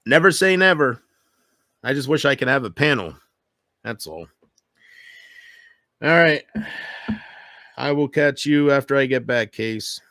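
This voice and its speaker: A man vlogging a bitter, taunting rant straight to camera, swinging from loud outbursts to low mutters. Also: expressive, unhurried, pauses often, dry recording, clean studio sound. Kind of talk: ranting monologue to camera.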